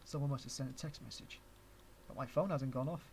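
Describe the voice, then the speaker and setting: A man's voice: medium pitch, a little fast, vocal fry, a little mellow, a little hiss or hum. A man with an English accent, originally from Canada, teaching 3D rigging on a live stream. He talks to himself as he works, restarting sentences and chuckling at his own asides. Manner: chatty, rambling, restarts often, chuckles at himself. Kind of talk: live-stream tutorial, thinking aloud.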